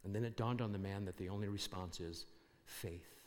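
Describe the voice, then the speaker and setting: A man's voice: on the low side, moderate pace. A middle-aged man preaching a sermon, emphatic and fond of rhetorical questions. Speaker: pastor. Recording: long hall reverb.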